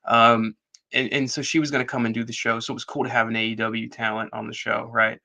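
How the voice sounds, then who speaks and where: A man's voice: medium pitch, fast, gravelly. A middle-aged man as a podcast guest, telling a long story with lots of acted-out dialogue. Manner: animated storyteller, acts out quoted dialogue. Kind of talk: casual storytelling interview.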